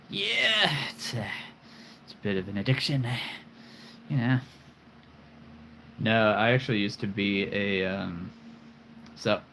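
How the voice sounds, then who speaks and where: A man's voice: lowish voice, fairly bright tone, slight background noise. A man in his forties hosting a live stream, chatting casually and playfully about his collection, rambling with chuckles and puns.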